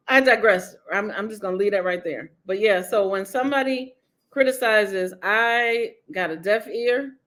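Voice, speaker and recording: A woman's voice: medium pitch, normal speed, a bit bright. A woman author being interviewed, talking candidly and emphatically, laughing often.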